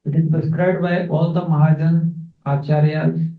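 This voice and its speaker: A man giving a scripture class, explaining verses slowly with fillers and repeats. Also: fairly high pitch, little pitch movement. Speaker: spiritual teacher. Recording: echoey, phone-like, distant.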